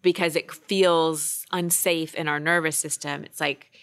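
A woman's voice: deep voice, fairly even intonation, measured pace, a bit bright, dry recording. Earnest woman coach, dry close sound. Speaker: relationship coach and co-host. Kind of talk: casual podcast chat.

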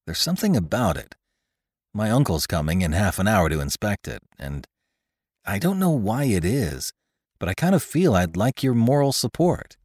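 A man's voice: lowish voice, sing-song, moderate pace, a little mellow, slightly rough, no room sound, studio quality, voice pushed down. A man doing an anxious young painter. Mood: worried. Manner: hesitant and worried.

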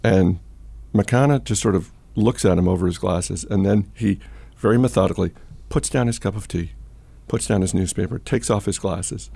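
Male podcast host, lowish husky voice, casual storyteller with lots of ums. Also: normal speed, warm tone, dry recording. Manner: chatty, with many fillers and restarts. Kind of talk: casual storytelling and market chat.

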